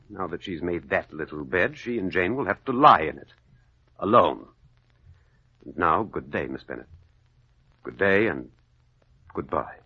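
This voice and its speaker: A cool, proud gentleman. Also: low voice, husky, no room sound, full character voice. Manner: cool and cutting. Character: proud, aloof young gentleman suitor. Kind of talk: 1940s radio acting. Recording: dull old radio broadcast.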